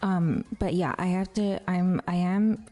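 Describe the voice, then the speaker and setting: A woman rambles through casual stream chat at an unhurried, slow pace. Her voice sits on the low side and sometimes drops into a hushed whisper. Faint music plays underneath. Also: steady tone.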